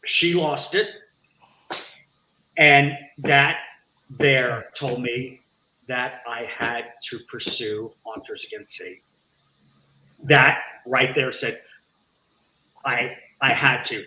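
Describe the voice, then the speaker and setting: A man who is a guest on an interview podcast, telling a story with animated, acted-out dialogue. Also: medium pitch, drawn-out words, long pauses, echoey room, slight background noise, poor audio. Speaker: interview guest, nonprofit founder.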